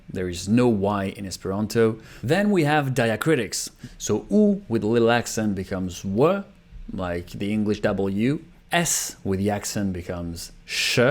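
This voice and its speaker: Lively man teaching a language lesson. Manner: lively, varied pitch, slows to model words. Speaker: language teacher and channel host. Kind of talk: educational video lesson.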